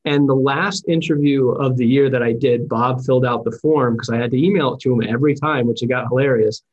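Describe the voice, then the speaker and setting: A man hosting an interview, telling anecdotes in a chatty, animated way. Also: medium pitch, brisk, slightly rough, muffled recording. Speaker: podcast host and former sports reporter. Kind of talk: casual interview chat with storytelling.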